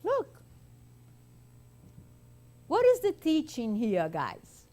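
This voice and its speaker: Slow, animated woman lecturing a class. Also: sits high. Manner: animated storytelling, acting out quotes, many fillers. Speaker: spiritist lecturer.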